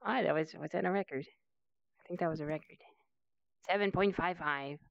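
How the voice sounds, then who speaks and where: Low-voiced woman muttering while gaming. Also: normal speed, creaky, no room sound. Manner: mutters low-key commentary on her tries. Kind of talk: casual chat while gaming. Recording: dull lo-fi audio.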